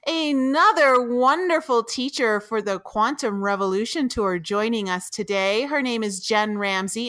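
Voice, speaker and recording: A woman's voice: mid-range voice, dry recording. A woman co-hosting a podcast, introducing the guest with an upbeat manner and then chatting casually. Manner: bright, upbeat interviewer. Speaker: podcast co-host.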